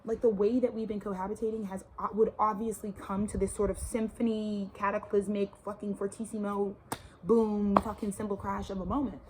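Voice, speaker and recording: A woman's voice: medium pitch, little pitch movement, fairly quick, darkish tone, a little hiss or hum. A woman in her twenties from Texas, ranting emphatically in a casual, profane, slang-heavy monologue outdoors by a suburban yard. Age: 20s. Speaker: vlogger. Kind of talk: casual spiritual rant.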